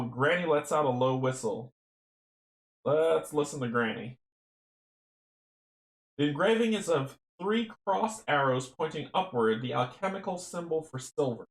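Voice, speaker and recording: A man playing a board game solo, reading the game text aloud and chatting to himself with chuckles. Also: a little high. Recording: roomy echo.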